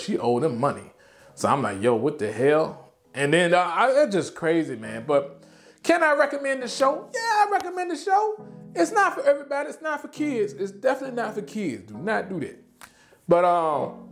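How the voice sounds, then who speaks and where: A man talking casually and excitedly as he reviews a TV show, full of slang and swearing. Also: fairly high pitch.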